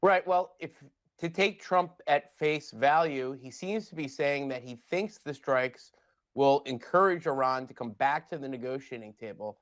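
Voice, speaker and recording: A man's voice: medium pitch, a little slow, fairly bright tone, no echo. Man, political analyst, blunt, wry, dry close sound. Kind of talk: live news commentary.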